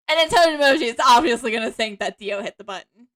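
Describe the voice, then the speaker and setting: A woman streaming a game live, giggly and excitable as she reacts and reads along. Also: a little high, fast. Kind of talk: live game playthrough commentary.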